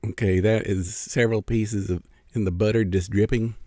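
A man's voice: fairly low pitch, steady tone, moderate pace, dark tone, no room sound. A middle-aged man from California chatting casually as a food vlogger, savoring each bite between remarks. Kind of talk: casual mukbang eating vlog.

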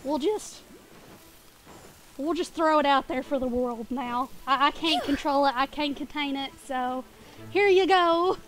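A woman's voice: high-pitched, fairly even intonation, a little slow, a bit bright. A woman with a Southern accent from around Tennessee, chatting casually on a gaming stream, giggling often and sometimes stuttering over her words. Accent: Southern US, Tennessee area. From southeastern United States. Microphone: desk microphone.

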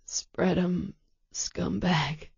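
A woman reading an audiobook voices a badly wounded man struggling to stay conscious, speaking in weak, breathless, halting words. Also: fairly low pitch, steady tone, darkish tone, no echo, lo-fi sound, exaggerated voice. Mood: weak, strained. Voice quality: husky and gravelly.

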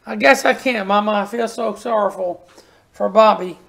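A preacher reading a storybook, voicing a tender-hearted little girl who speaks in a soft, shaky way. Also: mid-range voice, moderate pace, vocal fry. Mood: sorrowful.

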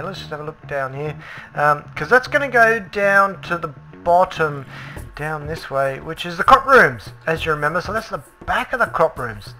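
A man casually commentating a tour of a Minecraft build, chatty and excitable, with frequent ums and restarts. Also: on the high side. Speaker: Minecraft let's play host.

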